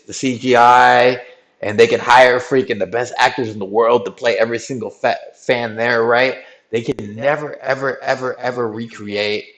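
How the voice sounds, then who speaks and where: A man streaming, telling a rambling, slang-filled story and asking "right?" again and again. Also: mid-range voice. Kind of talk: casual storytelling recap.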